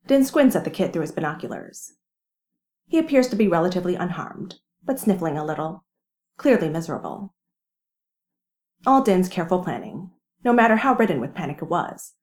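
A woman reading a fan story aloud with lively, wry storytelling. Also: lowish voice. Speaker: reader. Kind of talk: fan fiction narration.

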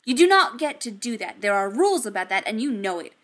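Woman reading as a frazzled caring man, scolding, loud, anxious. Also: on the high side, takes it slowly. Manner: sharp, scolding, then soft and reassuring. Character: stressed adult man, exasperated but caring.

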